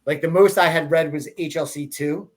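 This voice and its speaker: A man's voice: fairly high pitch, normal speed. A man hosting a podcast in a slightly raised voice. He tells stories casually and rambles, breaking off and restarting his sentences and laughing along the way. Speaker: podcast host. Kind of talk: casual conversational storytelling.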